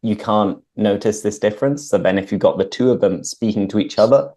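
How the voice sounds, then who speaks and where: A young man with a British accent hosts an easygoing chat, his sentences loose and dotted with "like". His voice sits a little low, with a warm, darker colour. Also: a little fast. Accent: British English. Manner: relaxed, uses "like" often. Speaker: host. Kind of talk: casual conversation.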